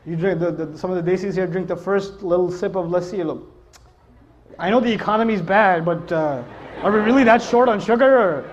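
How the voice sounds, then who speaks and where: High-voiced man giving a joking lecture. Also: fairly quick, muffled recording, a little hiss or hum. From Pakistan. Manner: joking, animated storytelling, laughs often. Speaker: Islamic speaker. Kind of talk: lively lecture to a live audience.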